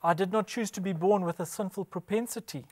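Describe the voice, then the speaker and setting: A man's voice: sits high, a little fast, darkish tone. Emphatic man preaching in rhetorical questions. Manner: emphatic, asks rhetorical questions and answers them. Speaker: Bible presenter. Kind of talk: scripted religious presentation.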